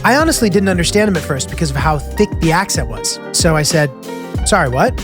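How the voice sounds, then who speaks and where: A young American man narrates his road trip in a loose, self-mocking voice-over. His voice sits high. Clear background music runs under the narration. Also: animated, fast talker. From United States. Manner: casual, self-deprecating, filler-heavy. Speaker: travel vlog narrator. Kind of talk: scripted travel narration.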